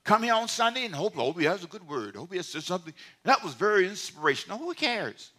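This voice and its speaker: A man preaching a sermon in a church, animated and conversational, swinging from loud outbursts to hushed asides. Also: high-pitched, fast talker. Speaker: pastor. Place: church sanctuary.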